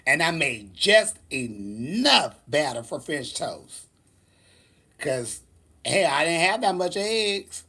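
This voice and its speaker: A man's voice: fairly high pitch, slow, slightly rough. Sassy guy w/ chatting on his vlog, laughs a lot, voice bouncing all over. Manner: sassy, animated, laughs often. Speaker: vlogger. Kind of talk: casual storytelling vlog.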